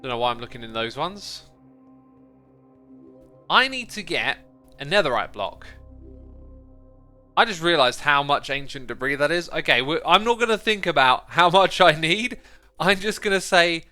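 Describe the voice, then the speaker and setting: Streamer host, man, bright and bouncy delivery, chatty and easily distracted, faint music underneath. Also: on the high side, expressive, normal speed, long pauses. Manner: chatty, playful, easily sidetracked. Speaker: livestream host. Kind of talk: casual gameplay livestream commentary.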